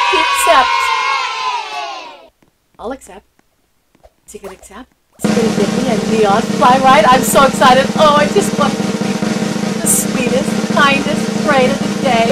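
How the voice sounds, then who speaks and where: Super excitable woman narrating her game, high voice jumping all over, gasps a lot. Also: rough recording. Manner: gushing, gasps often, sweet and enthusiastic. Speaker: channel host. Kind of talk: excited gameplay commentary.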